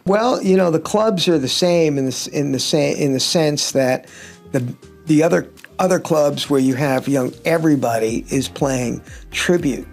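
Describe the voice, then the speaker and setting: A gravelly, somewhat high-voiced middle-aged man talks casually about life as a touring guitarist. He rambles through anecdotes with wry humor, and faint music plays behind him. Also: normal speed. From United States. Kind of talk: casual interview chat.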